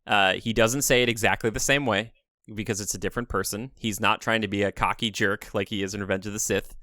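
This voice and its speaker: A man's voice: fairly low pitch, steady tone, quick pace, sharp tone, dry recording, clean studio sound. A man appearing as a podcast guest, chatting casually and musing at length with lots of fillers. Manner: thoughtful, rambling fan analysis with frequent fillers. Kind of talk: casual chat.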